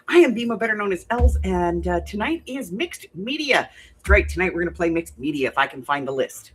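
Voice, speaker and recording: On a crafting livestream, a middle-aged woman with a lowish voice talks fairly quickly over a bit of hiss or hum. Chatty and casual, she greets her live audience by name, tells lively stories, and laughs often.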